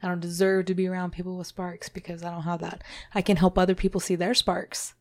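A woman co-hosting a podcast, talking in a halting, self-doubting way and swearing casually. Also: lowish voice, level tone, darkish tone. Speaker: podcast co-host. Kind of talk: candid conversational podcast talk.

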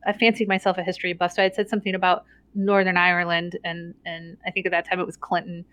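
A middle-aged woman telling a story in casual chat, animated and laughing often, with many "like" and "right?" tags. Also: on the low side, fast.

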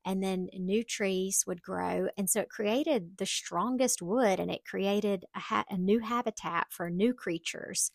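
A middle-aged woman hosts a solo podcast, chatting candidly and casually with self-deprecating humor. Her mid-range voice is unhurried, with vocal fry and few pauses, and there is no room sound.

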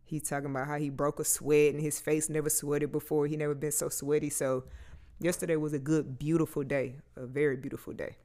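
A man's voice: a little high, level tone, fairly quick, mellow. Frank man. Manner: casual, frank, swears freely. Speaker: vlogger. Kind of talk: candid personal talk to camera.

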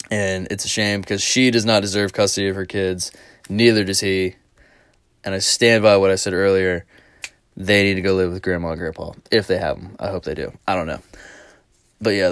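A man's voice: on the low side, dry recording. A man hosting a podcast, telling a rambling, profanity-laced story in a casual, amused way. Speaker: podcast host.

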